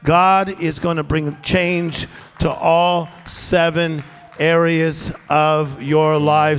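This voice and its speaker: A middle-aged male pastor preaching a sermon to a live congregation, shouting and calling for responses. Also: a little high, steady tone, slow. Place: church with live band and congregation. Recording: long church reverb, music behind. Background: band music.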